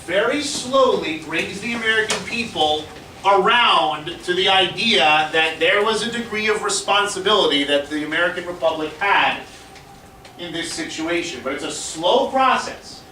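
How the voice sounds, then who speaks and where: A man teaching history as a lively lecture, telling it like a story and acting out what people said, with fillers along the way. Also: high voice, normal speed. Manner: animated storytelling with fillers, acts out quotes. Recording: roomy echo, distant mic, faint hiss.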